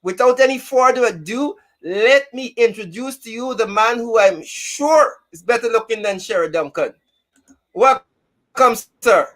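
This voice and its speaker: A man's voice: extremely high pitch, a little slow, fairly bright tone. A man hosting a casual live-stream talk show, chatting and greeting viewers by name.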